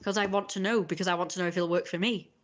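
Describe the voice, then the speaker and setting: A woman's voice: fairly low pitch, steady tone, very fast. Sarcastic woman ranting on stream. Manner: sarcastic, indignant, rambling; frequent coughs and laughs. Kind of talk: casual ranting monologue.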